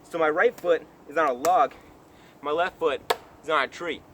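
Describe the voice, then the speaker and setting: A young man from the US rambles through a comic story in a goofy, mock-serious way, his voice sitting a little high. He records himself outdoors on a handheld camera, with faint outdoor noise around him. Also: normal speed, a bit bright. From United States. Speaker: vlogger. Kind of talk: comedic storytelling vlog. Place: outdoors on a trail in woods.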